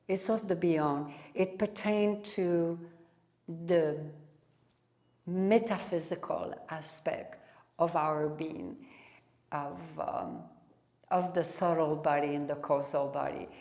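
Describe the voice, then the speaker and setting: A woman with a French accent leads a spiritual satsang in front of a live audience, taking her time over every phrase. Her voice sits somewhat low. She pauses and restarts as she searches for words. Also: darkish tone. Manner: unhurried, drawn-out phrasing with frequent restarts. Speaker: spiritual teacher.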